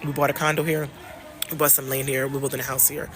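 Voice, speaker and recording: A woman from the United States chatting casually in a travel vlog, animated and emphatic, repeating phrases and talking straight to her viewers. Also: rumbling low, quick pace. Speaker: travel vlogger and love coach.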